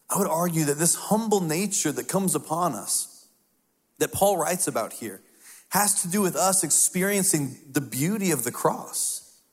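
A man delivers a sermon in a relaxed, storytelling manner, his voice sitting a little high for a man. He slips into hushed asides as he talks. The sound carries the long reverb of a large church hall. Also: husky. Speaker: pastor. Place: church sanctuary.

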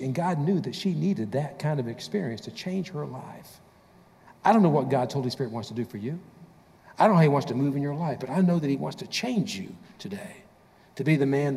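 A man preaching a sermon as a pastor, telling stories in an animated way. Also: on the high side, long reverb tail. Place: church sanctuary.

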